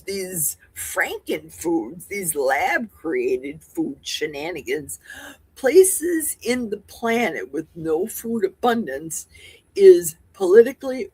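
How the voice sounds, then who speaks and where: A woman's voice: mid-range voice, a little mellow, husky, no echo. A woman in her sixties from Wisconsin with a Midwestern accent, hosting a livestream in casual, rambling chat with folksy asides while reading viewer comments. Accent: Midwestern American. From Wisconsin, USA. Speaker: livestream host.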